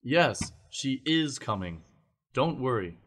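A woman doing a very low-voiced student in a textbook dialogue. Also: sing-song, slow pace, heavily acted.

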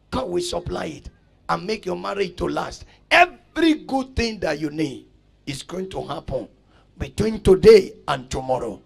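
A man preaching outdoors, telling a story and repeating phrases, going from loud to soft. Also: high voice, vocal fry. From Nigeria. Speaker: pastor. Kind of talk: street sermon with storytelling. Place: outdoors on a street.

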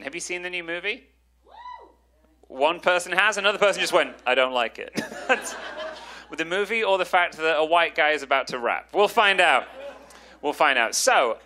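High bright-voiced English comedian. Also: male voice. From England. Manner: quick, teasing and self-mocking. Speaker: stand-up comedian. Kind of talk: crowd work and freestyle rap. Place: comedy club stage. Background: music under the rap.

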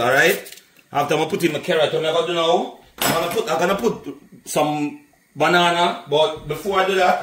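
A man's voice: fairly high pitch, roomy sound, slight background noise. A man with a Jamaican accent chatting casually to his viewers as he cooks and shows his food. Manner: chatty, keeps calling viewers "my people". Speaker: cooking vlogger. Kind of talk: casual cooking vlog.

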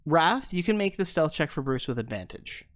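A man's voice: fairly high pitch, very animated, dry recording, clean studio sound. A man running a tabletop game as game master, narrating with frequent restarts. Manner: halting, restarts often.

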